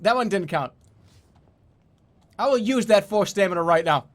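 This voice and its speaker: A man streaming a game, reading the game's text aloud and reacting excitedly, with swearing and mock boasting. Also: sits high, normal speed.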